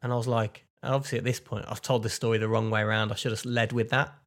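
A man's voice: medium pitch, flat delivery, quick pace, fairly bright tone. A young man co-hosting a podcast, telling an anecdote in casual chat and poking fun at himself. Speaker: podcast co-host.

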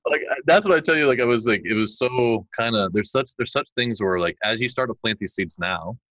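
A man in his forties, a podcast guest, chatting and telling animated stories where he acts out his kids' lines. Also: mid-range voice, fairly quick, no echo, rough recording. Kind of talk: conversational interview.

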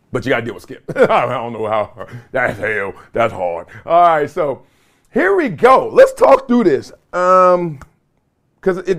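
A man hosting his own show from his home basement, talking straight to a camera in slangy casual commentary and laughing often. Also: sits high. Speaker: podcast host. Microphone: video camera or phone.

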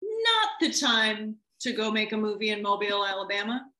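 A woman film director talking casually in an interview, animated and laughing as she acts out what people said. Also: mid-range voice, normal speed, reverberant, rough recording.

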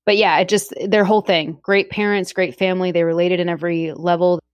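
A woman co-hosting a casual podcast chat, animated, acting out quotes and using many fillers. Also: fairly low pitch, brisk, dry recording, muffled recording. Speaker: podcast co-host.

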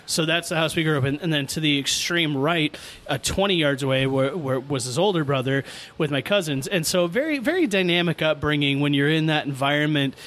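A middle-aged man hosting a podcast, telling a childhood story in a profane, animated way and laughing as he goes. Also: fairly high pitch, a little fast. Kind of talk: casual storytelling among friends.

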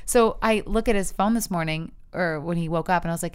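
Chatty woman podcast host, slightly low voice. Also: a little fast, hardly any pauses, smooth. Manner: chatty, many fillers, acts out her own thoughts. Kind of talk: casual chat.

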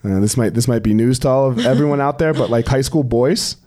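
A man's voice: medium pitch, a little fast, dark tone. A man in his thirties hosting a podcast interview, telling crude stories with lots of swearing. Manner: crude, profane storytelling. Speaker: podcast host. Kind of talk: casual interview chat.

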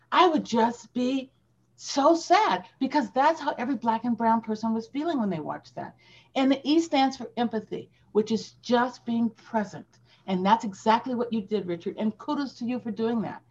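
A woman with a fairly high voice talks as a podcast guest, telling stories and pressing her points with emphatic repetition. The sound is dull and lo-fi, like a muffled online recording. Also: a little mellow, breathy edge. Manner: emphatic, repeats key phrases. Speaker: podcast guest, sales leader. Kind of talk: conversational interview storytelling.

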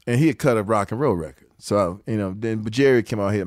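A man's voice: fairly low pitch, fast, hardly any pauses, dry recording, studio quality. An older man, a musician, telling stories in a casual interview, quoting people and laughing often. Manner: animated storyteller, quotes people, laughs often.

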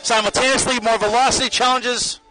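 A man giving running spoken commentary as a marching band judge outdoors on the field, appraising the players with quick bursts of praise. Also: very high voice, flat delivery, over music, rough recording. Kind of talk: live judging commentary over a performance. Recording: live brass band loud behind.

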